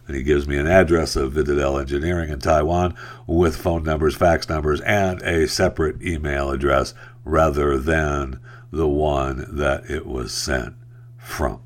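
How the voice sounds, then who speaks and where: A man's voice: extremely low pitch, steady tone, measured pace. A man hosting a talk podcast, chatting casually and joking, with rambling asides. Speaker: podcast host. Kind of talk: casual talk show monologue.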